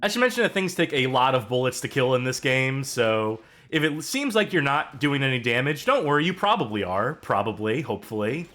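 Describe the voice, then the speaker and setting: A man's voice: medium pitch, big pitch swings, a little fast, few pauses, fairly bright tone, a little hiss or hum. A man co-hosting a let's-play, guiding the player through the game with wry jokes. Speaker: co-host and game expert.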